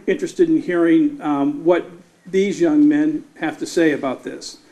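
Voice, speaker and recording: A man serving as city mayor, giving measured formal remarks at a town hall and acknowledging officials in the room. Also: on the high side, dark tone.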